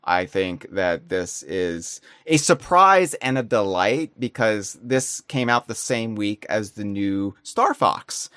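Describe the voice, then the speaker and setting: A man hosting a podcast, chatting casually and telling stories with excitable energy. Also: fairly low pitch, slow pace, few pauses, clean tone, no echo, clean studio sound. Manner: animated, excitable storytelling. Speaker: podcast host. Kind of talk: casual chat.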